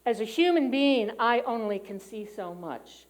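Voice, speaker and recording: A woman's voice: on the high side, animated, measured pace, poor audio. Candid woman giving a chatty sermon. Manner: candid and personal, with frequent fillers. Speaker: church speaker. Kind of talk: conversational sermon. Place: church sanctuary.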